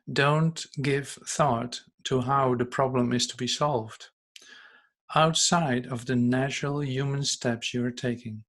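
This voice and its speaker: A man teaching an online spiritual class, reading passages aloud and reflecting on them gently. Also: mid-range voice.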